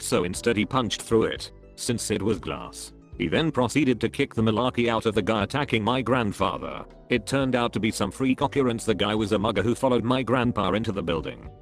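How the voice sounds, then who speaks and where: A man with a low voice reads anecdotes aloud as scripted narration, keeping a steady, even delivery from line to line. Soft background music plays faintly under him. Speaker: narrator reading online posts.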